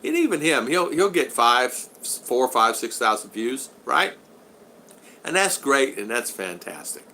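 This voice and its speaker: A man in his sixties with a bright, forward voice hosts a relaxed live stream from home. He chats loosely, answers his viewers and teases his regulars. A faint hiss sits under the recording. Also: mid-range voice, unhurried. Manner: chatty, reads out and answers viewer comments, friendly teasing. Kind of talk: casual live-stream chat. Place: at home in the Philippines.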